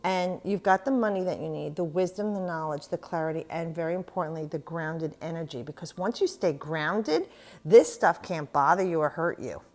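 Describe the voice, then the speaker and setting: Middle-aged lady doing a tarot reading, lowish voice, upbeat and encouraging, talks right at you. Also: normal speed, a little mellow. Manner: encouraging, talks straight to the viewer. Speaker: tarot reader.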